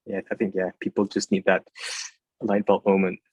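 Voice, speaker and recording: Young man, moderator, husky, dry close sound, hesitant, video call panel. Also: low-pitched, monotone, normal speed, dry recording, highs cut off. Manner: hesitant, many fillers and restarts. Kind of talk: casual panel discussion.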